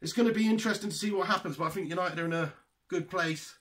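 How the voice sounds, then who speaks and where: A fast-talking man with a high, bright voice hosts a laid-back football podcast. He gets excited, swears freely and laughs a lot as he reacts. He is a young adult. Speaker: podcast host. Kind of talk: casual football chat.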